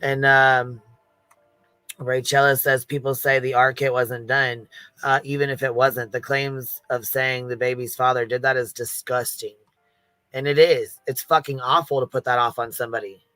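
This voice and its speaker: A man's voice: mid-range voice, little pitch movement, moderate pace, sharp tone, clear, resonant tone, dry recording. A man hosting a livestream panel, emphatic and swearing freely, reading out chat comments. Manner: emphatic, profane. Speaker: stream host.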